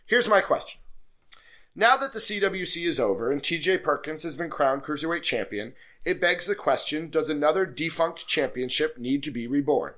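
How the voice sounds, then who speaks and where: A man's voice: on the high side, expressive, normal speed, a bit bright. Joking man co-hosting a podcast. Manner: joking, reads listener emails aloud. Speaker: podcast co-host. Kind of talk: casual chat.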